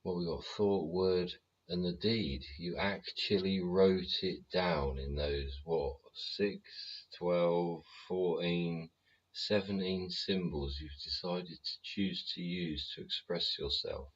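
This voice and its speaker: A man's voice: sits low, fairly even intonation, slow pace, slightly rough, highs cut off. A British man hosting a show, ranting profanely in a rambling way and talking back to his chat. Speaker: show host. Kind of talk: ranting livestream commentary.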